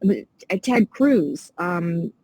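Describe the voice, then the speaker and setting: A woman's voice: lowish voice, expressive, drawn-out words, creaky, darkish tone, husky, no room sound, low-quality recording. A woman guest on a podcast, talking in a passionate, indignant and emphatic way in a casual interview.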